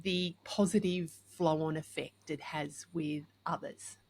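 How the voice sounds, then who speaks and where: Woman podcast host: lively, husky, lowish voice, acts out quotes. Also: a little slow. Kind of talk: casual chat with storytelling.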